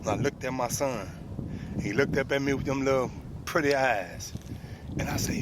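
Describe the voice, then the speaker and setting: A man's voice: medium pitch, moderate pace, pauses often, very noisy. A man in his forties telling a personal story, plain spoken and full of street slang. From United States. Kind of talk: personal story told to an audience.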